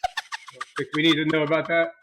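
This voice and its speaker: A man's voice: on the high side, steady tone, fairly quick, heavy background noise. A man co-hosting a podcast, chatting crudely and laughing at his own stories. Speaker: podcast co-host. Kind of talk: crude casual chat.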